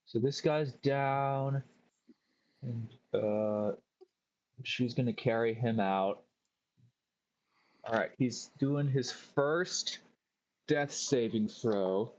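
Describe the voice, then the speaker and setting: A man's voice: medium pitch, very slow, pauses often, highs cut off. A man running a tabletop game as game master, checking rolls and describing the scene.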